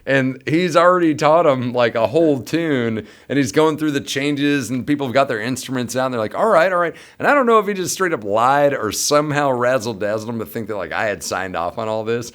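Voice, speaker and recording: A man's voice: medium pitch, a little fast, hardly any pauses. A man in his thirties, a bandleader, telling a casual, profane story among friends and acting out the voices in it. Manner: animated, profane, acts out quoted voices. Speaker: bandleader and musician.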